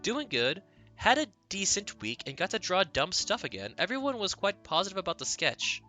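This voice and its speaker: Playful streamer dude, highish voice that jumps around a ton, faint game music behind. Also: male voice, big pitch swings, normal speed, bright, forceful tone. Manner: playful, giggly, jokey, chatting with viewers. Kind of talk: casual live-stream chat while gaming.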